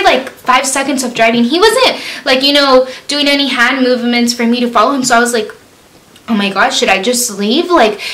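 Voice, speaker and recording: Young woman vlogger, storytime. Chatty, filler-heavy, bright and higher voice, echoey room. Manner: chatty, full of fillers, reenacts her own panicked quotes. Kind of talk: storytime vlog.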